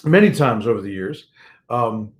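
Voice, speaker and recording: A man's voice: medium pitch, animated, normal speed. An older man, a pastor and grandfather, giving an earnest devotional message with a personal touch and repeating key phrases for emphasis.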